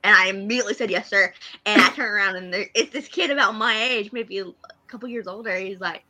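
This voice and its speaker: Bright-voiced kansas woman, giggly storyteller on a casual fan podcast. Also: mid-range voice, fast talker, rough recording. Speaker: podcast co-host. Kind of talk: casual chat.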